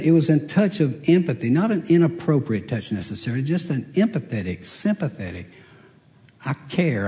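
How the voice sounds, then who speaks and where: A man's voice: medium pitch, mellow. A man preaching a humorous sermon, a folksy storyteller who laughs along with his own jokes. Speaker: pastor. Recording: long hall reverb.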